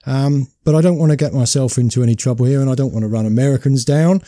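A British man hosting a live online radio talk show, speaking in a measured, rambling way with many repeated words. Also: mid-range voice, mellow, no room sound, clean studio sound.

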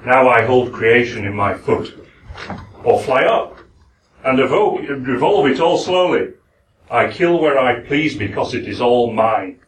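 A man's voice: medium pitch, lively intonation, measured pace, slight background noise, lightly acted. A proud, ruthless hawk, recited by a Yorkshire man. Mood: cold. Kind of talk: poetry recital. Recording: echoey room, speaker far from the mic.

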